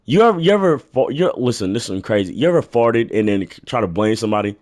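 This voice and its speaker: A young man telling a comedic rant story, profane and exasperated, sometimes bursting into yelling. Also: mid-range voice, expressive, fast talker.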